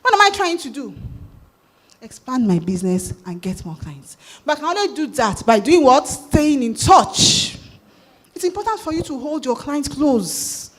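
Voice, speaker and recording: A woman with a Nigerian accent giving a sales talk at a conference, lively and asking the audience questions. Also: high-pitched, normal speed. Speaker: conference speaker. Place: conference hall.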